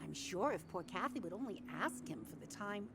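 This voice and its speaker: A woman's voice: medium pitch, lively intonation, a little fast, gravelly, music in the background. Older small-town cafe owner: motherly, chatty, a little nosy. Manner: gossipy, sweet, calls people dear and hun.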